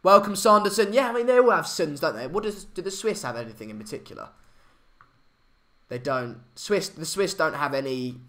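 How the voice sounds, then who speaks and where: Young man, live stream host, casual chatty, stumbles and restarts, slightly high voice. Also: animated, moderate pace, fairly bright tone. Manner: chatty, hesitant with many fillers and restarts. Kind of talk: casual live match chat, reading comments.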